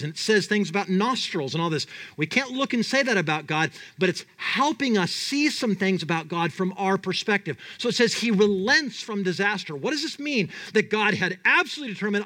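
A man preaching a sermon, animated and dramatic, his delivery full of emphatic rises and drops. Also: high voice. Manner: animated, dramatic, voices God and Jonah in quotes.

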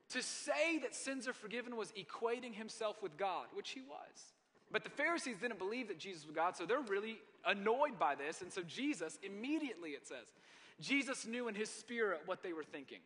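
A man's voice: sits high, lively intonation, fairly quick, sharp tone. A man preaching a sermon as a pastor, in a humorous, conversational storytelling manner. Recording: long hall reverb.

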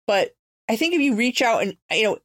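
A woman co-hosting a podcast in casual chat, talkative and lively, with many "you know" fillers. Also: fairly high pitch, brisk, dry recording, studio quality.

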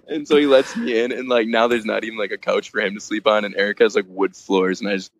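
Man, very low voice, creaky, casual podcast guest, rambling with fillers, swears and laughs. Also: fairly even intonation, fast, hardly any pauses. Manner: loose, filler-heavy, swears often, laughs through funny parts. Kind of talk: casual storytelling chat.

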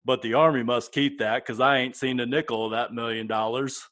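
A man's voice: medium pitch, steady tone, brisk, fairly bright tone, pitched below the performer's own voice, lightly acted. A man putting on a simple-hearted, earnest Southern male war veteran who talks plainly.

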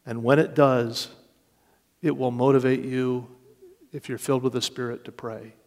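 A man preaching a sermon with slow, deliberate delivery and rising emphasis. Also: medium pitch, flat delivery. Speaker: pastor. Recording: long reverb of a large hall.

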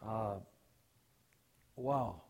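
An older man preaching a sermon, telling folksy personal stories and rising high and loud for punchlines. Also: extremely slow, vocal fry, long reverb tail.

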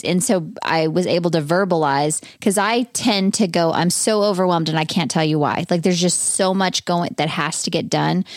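A woman in her thirties co-hosting a candid chat podcast, talking in an earnest, rambling way with halting restarts. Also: low-pitched, no echo, clean studio sound. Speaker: podcast co-host.

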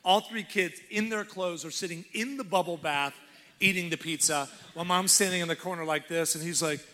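Guest preacher, man, Texan accent, high bright voice, playful storyteller. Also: fairly quick. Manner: lively, acts out voices in stories, laughs often. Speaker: guest pastor. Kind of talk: sermon with comic storytelling.

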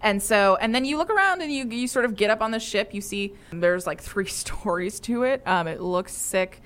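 A woman's voice: medium pitch, animated, moderate pace, a bit bright. Young female game master; loose, playful, rambling narration. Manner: rambling, filler-heavy, playful.

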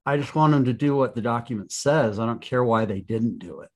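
A man's voice: mid-range voice, brisk, darkish tone. A man co-hosting a casual podcast chat. He chimes in with wry, jaded jokes and pokes fun at himself in a loose, conversational way. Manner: wry, jokey, self-deprecating. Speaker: podcast co-host.

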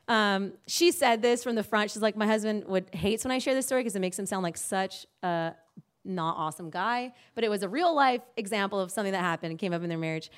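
With a fairly bright, somewhat high voice, a woman rambles casually through a faith-based story. She uses lots of fillers, corrects herself often, and performs the quoted voices.

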